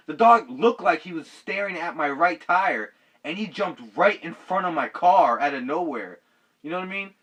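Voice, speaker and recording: A young male vlogger with a voice on the high side tells a personal story in an animated, casual way. He uses lots of slang, says "dude" again and again, and shouts out sound effects.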